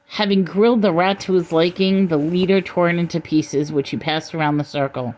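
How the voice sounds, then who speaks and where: A woman's voice: lowish voice, steady tone, fairly quick, hardly any pauses, darkish tone. Woman reading a comic story. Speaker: narrator.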